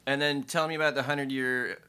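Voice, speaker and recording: A host with a mid-pitched, bright voice asks easygoing questions and keeps the talk rolling with quick agreements and joking asides. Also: smooth. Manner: relaxed, backchanneling, jokey asides. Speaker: interviewer, host. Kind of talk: casual interview chat.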